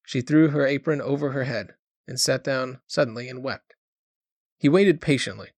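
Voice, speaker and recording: A man reading a short story aloud as an audiobook narrator, in a measured storytelling manner. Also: mid-range voice, steady tone, no echo. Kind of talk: scripted narration.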